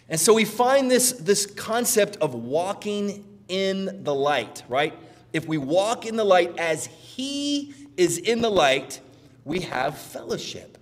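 A middle-aged man preaching a sermon as pastor, conversational and animated, often checking in with "right?". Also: fairly high pitch, in a large hall.

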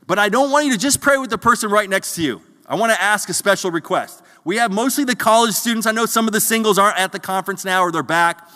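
Talking fast with few pauses, a pastor preaches earnestly and conversationally to his congregation, frequently tripping over and repeating words as he gropes for them. The long reverb of a church hall surrounds his high voice, which sounds bright and forceful.

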